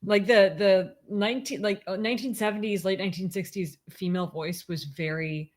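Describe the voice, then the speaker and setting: A woman's voice: medium pitch, steady tone, moderate pace. A woman co-hosting a podcast, chatting casually with her husband and thinking aloud with restarts. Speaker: podcast co-host.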